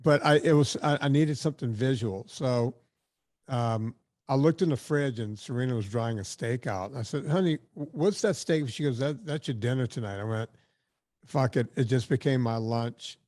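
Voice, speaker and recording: A man's voice: medium pitch, normal speed, darkish tone. A man talking as a filmmaker and podcaster guest, telling stories in a chatty, blunt way with casual swearing. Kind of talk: casual storytelling interview.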